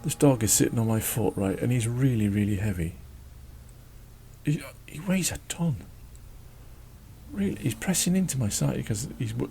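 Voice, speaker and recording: A man's voice: mid-range voice, expressive, moderate pace, gravelly, long pauses, warm tone, slight background noise. A man chatting casually as he draws, rambling and joking and talking to his dog. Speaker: drawing channel host. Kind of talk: casual chat while drawing.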